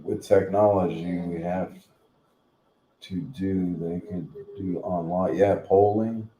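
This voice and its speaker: Slow, low-voiced man ranting casually. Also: fairly even intonation, mellow. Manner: blunt, profane, rambling. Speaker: channel host. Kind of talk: casual rant. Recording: echoey room.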